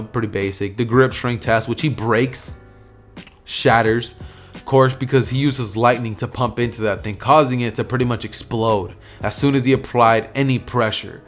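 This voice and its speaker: A man narrating an improvised fan story in a loose, rambling way, full of fillers. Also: mid-range voice. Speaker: storyteller, channel host.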